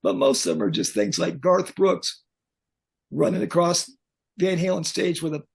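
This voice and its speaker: Gravelly older man telling blunt stories. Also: a little high, normal speed. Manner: blunt, joking, animated anecdotes. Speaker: guest, pyrotechnics technician. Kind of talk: casual storytelling interview.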